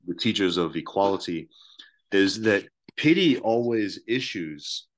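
A man discussing ideas as a guest, speaking haltingly with frequent restarts and fillers. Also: fairly low pitch, lively intonation. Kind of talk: casual discussion.

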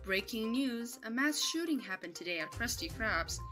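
A woman voicing a news anchor in a game, reading a bulletin in an even, formal way. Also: on the high side, normal speed, over music, lightly acted. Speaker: newscaster.

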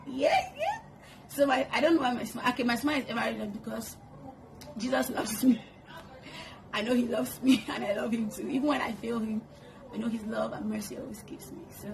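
Lady chatting to camera at home, kinda high voice, gravelly, laughs a lot. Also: animated, moderate pace, long pauses. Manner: chatty, laughs often, answers questions to camera. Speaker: vlogger. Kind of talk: casual get-to-know-me chat. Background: kids making noise.

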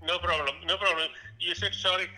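A man's voice: sits high, steady tone, a little fast, sharp tone, low-quality recording. A man taking a phone order at a restaurant, polite and apologetic, hesitating and saying "sir" often.

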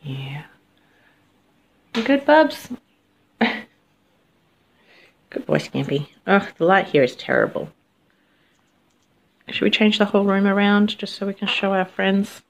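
A young woman chatting casually to her pet parrots, cooing and doting, often laughing softly as she films them. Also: mid-range voice, a little slow, long pauses. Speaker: vlogger and pet bird owner.

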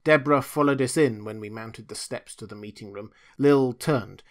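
A man's voice: medium pitch, normal speed. A man reading a novel aloud in first person as an audiobook narrator. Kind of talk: scripted narration.

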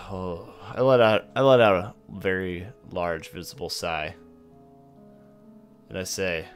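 A man playing a tabletop game, describing his character's actions in a dry, low-key manner. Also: slow pace, soft background music. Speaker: player. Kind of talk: casual tabletop play.

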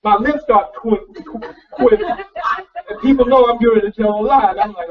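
A crowd can be heard behind a male pastor whose extremely high, expressive voice moves at a moderate pace. He preaches a conversational sermon in a folksy, personal way, repeating words and restarting sentences, and the recording is distant, dull and lo-fi.

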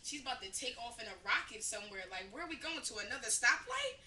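A woman's voice: fairly high pitch, expressive, fast talker, recorded from a distance, very noisy. A woman co-hosting a casual vlog, telling stories in a brash, profane way. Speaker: co-host. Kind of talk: casual chat, storytelling. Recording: echoey room, off-mic.

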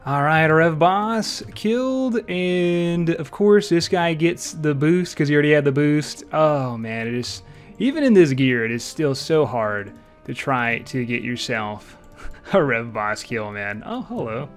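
A young man giving live gameplay commentary, excitable and trash-talking, swinging between low mutters and loud shouts. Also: measured pace, faint music behind. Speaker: streamer playing an online game.

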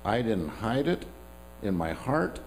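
A man's voice: lowish voice, very animated, takes it slowly, slight background noise, poor audio. A man preaching a sermon as pastor, talking in a conversational, self-deprecating way with asides to the congregation.

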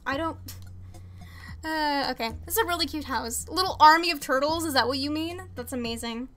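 A woman's voice: high-pitched, fairly quick, fairly bright tone. A young woman streaming a game, chatting casually with viewers, reading chat aloud and making exasperated asides. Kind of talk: casual live-stream chat while gaming.

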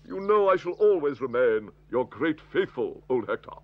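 A man's voice: medium pitch, very animated, moderate pace, narrow, tinny audio, lightly acted. A man voicing a greedy, good-natured old dog in a dubbed cartoon, pompous and chuckling. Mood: jolly.

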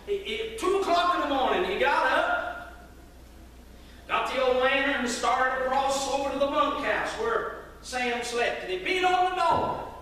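Preacher man, folksy storyteller, super high voice, echoey hall, far off mic. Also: expressive, unhurried, sharp tone. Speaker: pastor. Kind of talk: sermon.

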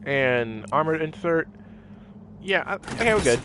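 A man doing casual let's-play commentary, excitable and goofy, playfully scolding characters in the game. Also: on the high side, a little slow, slight background noise. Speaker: gameplay commentator.

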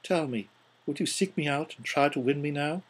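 A steady young woman breaking off an engagement, read by a man with a husky voice. She speaks quietly and evenly, with a sorrowful, resigned calm and low, hushed delivery. It sounds like a storybook reading. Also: normal speed. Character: young woman, calm and steady, gently releasing a former love. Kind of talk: audiobook character reading.

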